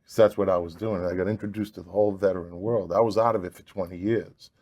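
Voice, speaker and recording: Boston-accented man, interview guest, low voice, halting delivery. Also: steady tone, a little mellow. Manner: plain-spoken, halting with "uh". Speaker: guest, veteran and nonprofit founder. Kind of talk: casual interview talk.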